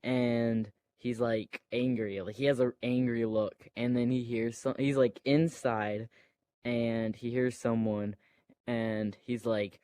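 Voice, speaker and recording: A man's voice: medium pitch, level tone, measured pace, warm tone, no echo. A man casually retelling a movie plot, hesitant and meandering, full of fillers and restarts, with playful sound effects. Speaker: storyteller.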